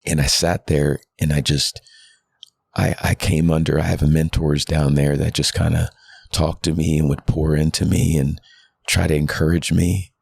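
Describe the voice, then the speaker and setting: A man's voice: rumbling low, flat delivery, moderate pace, gravelly, a little mellow, husky, no room sound. A man in his thirties, a pastor and podcast guest, telling a personal story in an earnest, heartfelt way. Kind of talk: candid personal testimony.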